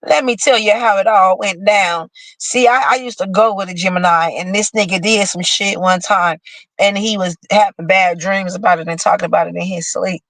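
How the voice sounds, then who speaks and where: Gravelly lady riffing on horoscopes, dramatic and cussing, dry room. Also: medium pitch, steady tone, normal speed, fairly bright tone, no echo, poor audio. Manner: dramatic, profane, chatty. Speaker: horoscope show host. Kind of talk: casual chat reading horoscopes aloud.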